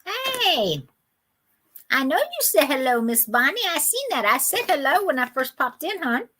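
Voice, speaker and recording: A woman's voice: sits high, big pitch swings, a little slow, sharp tone, slight background noise. A woman with a Southern US accent hosting a live vintage sale stream, chatty and folksy and laughing often. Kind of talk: casual live-stream chat.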